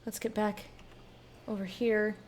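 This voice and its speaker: A woman's voice: mid-range voice, flat delivery, measured pace, a little mellow, a little hiss or hum. A young woman streaming a game, chatting casually with viewers in a playful, bubbly way that slips into singsong. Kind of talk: casual live-stream chat.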